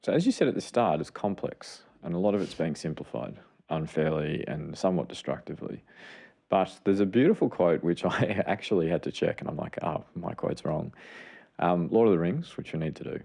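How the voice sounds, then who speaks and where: Very deep, gravelly man. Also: animated, a little fast, mellow. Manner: earnest, rambling, with self-correcting asides. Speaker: podcast co-host, child clinician. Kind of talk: casual explanatory chat.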